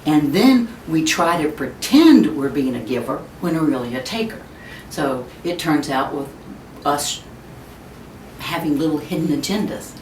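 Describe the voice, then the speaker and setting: A woman in her fifties giving a webinar talk, telling stories in an animated way and acting out the voices she quotes. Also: normal speed. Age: 50s. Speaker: speaker on child discipline. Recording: echoey room, distant mic, faint rumble.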